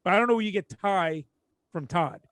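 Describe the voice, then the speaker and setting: A man's voice: sits high, brisk, fairly bright tone, smooth, no room sound. A man with a Brooklyn accent co-hosting a podcast, telling stories in casual chat, swearing freely and acting out both sides of conversations. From Brooklyn, New York. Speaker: podcast co-host.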